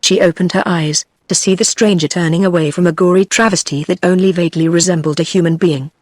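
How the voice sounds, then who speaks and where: A text-to-speech voice of a woman with a British English accent, reading an audiobook in a steady, even delivery. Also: on the low side, quick pace, no room sound, studio quality. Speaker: audiobook narrator. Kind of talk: synthetic audiobook narration.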